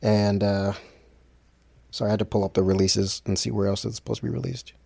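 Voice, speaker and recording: A man with a lowish voice and a mellow, dark tone talks casually to his listeners. He rambles loosely and restarts his sentences often. He uses plenty of fillers as he goes. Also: level tone, fairly quick, vocal fry. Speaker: independent musician hosting his own podcast. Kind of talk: casual solo monologue.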